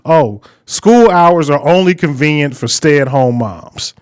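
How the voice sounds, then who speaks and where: A man's voice: fairly high pitch, animated, slow pace, smooth. A man co-hosting a podcast in casual chat, laid-back and profane as he reads out and defends opinions. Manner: laid-back, profane, reading tweets aloud. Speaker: podcast co-host.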